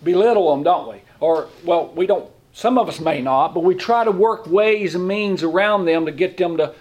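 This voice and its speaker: Folksy, higher-voiced man preaching. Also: normal speed, a little mellow, lo-fi sound. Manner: folksy, asks the room questions; speaks in plain, informal grammar. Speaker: lay preacher. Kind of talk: conversational sermon.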